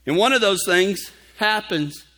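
A man preaching a sermon, telling a folksy personal story and dropping to a hushed tone for scripture. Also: sits high, expressive, measured pace. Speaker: pastor.

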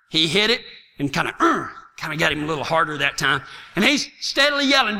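A man preaching a sermon, telling stories and swinging from quiet asides to shouting. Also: high voice, fairly quick, gravelly, in a large hall. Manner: animated storytelling, swings from hushed to shouting. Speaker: pastor.

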